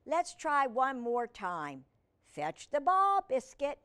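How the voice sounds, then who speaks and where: A woman's voice: mid-range voice, expressive, clean tone. A woman voicing a cheerful little girl coaxing her puppy, reading a picture book aloud. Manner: bright, coaxing, slow sing-song calls.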